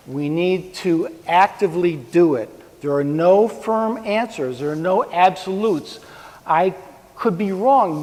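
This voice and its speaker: Man lecturing in a reverberant hall. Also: high voice. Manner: conversational, uses props and pointing. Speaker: speaker giving a talk on ethics. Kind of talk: informal lecture to a live audience.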